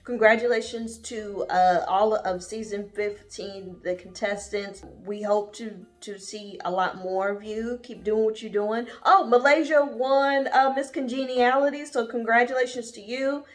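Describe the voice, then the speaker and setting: A woman's voice: fairly high pitch, fairly even intonation, a little slow, hardly any pauses, faint music behind. A woman vlogger giving a casual, rambling show review, sassy and calling her viewers honey and darling. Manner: rambling, with many fillers and trailing asides.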